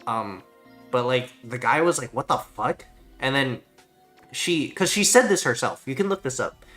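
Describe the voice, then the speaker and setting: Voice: medium pitch, sing-song, normal speed, fairly bright tone, soft background music. A streamer chatting casually while gaming, ranting in a rambling, profane way.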